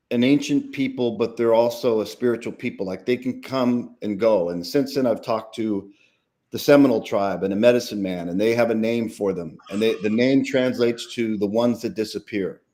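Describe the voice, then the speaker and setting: A man, a documentary filmmaker, telling a story casually as a guest, animated and quoting others, with frequent restarts. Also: medium pitch.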